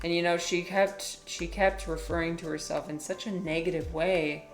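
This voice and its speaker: A woman talking casually on a livestream, reading chat aloud. She is animated, swears freely, laughs often and uses many fillers. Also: lowish voice, normal speed, faint music behind.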